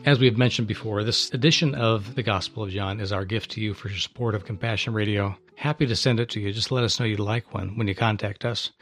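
Male radio ministry host, steady scripted read, faint music bed. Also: fairly low pitch, quick pace, hardly any pauses. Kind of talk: scripted radio appeal and Bible reading.

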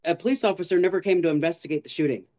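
A woman guest telling her own story of survival and faith on a podcast, earnestly and with animated retelling. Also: on the low side, racing. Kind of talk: emotional personal testimony.

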